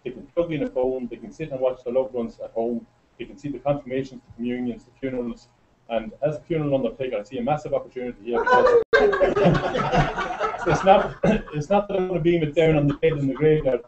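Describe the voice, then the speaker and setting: A middle-aged Irish man giving a chatty, storytelling speech to a live audience, getting excited as he goes. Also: medium pitch, quick pace, crowd noise. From Ireland. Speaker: presenter at a business meeting. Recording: muffled lo-fi recording.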